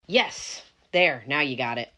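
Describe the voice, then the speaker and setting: A woman's voice: very deep voice, lively intonation, unhurried, pushed and bright, full character voice. A woman voicing a smug, entitled man who owns a wedding venue, pushy and patronizing in a falsely friendly way. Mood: condescending.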